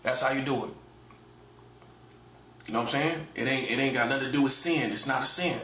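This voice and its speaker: Speaking briskly as a self-proclaimed prophet, a man gives a streetwise, casual monologue. He's blunt and emphatic, repeats himself, and lurches from loud, high outbursts to low mutters, all captured in an echoey room with dull lo-fi sound.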